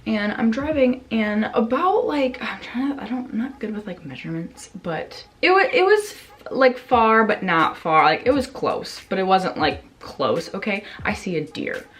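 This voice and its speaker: A woman's voice: mid-range voice, big pitch swings, moderate pace, hardly any pauses. A young woman vlogger casually telling a story to her camera, rambling with lots of fillers, swearing and acting out her own reactions.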